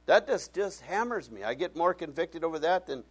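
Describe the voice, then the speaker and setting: Animated male pastor with a lively voice. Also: on the high side, normal speed, hardly any pauses, husky. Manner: animated storytelling, acting out both sides of conversations; self-mocking humor with frequent laughs. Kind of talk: sermon with personal stories.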